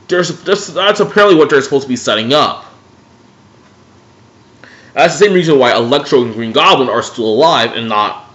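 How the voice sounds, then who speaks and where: A man casually reviewing superhero movies in an excitable way, swearing freely. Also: mid-range voice. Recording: dull lo-fi recording.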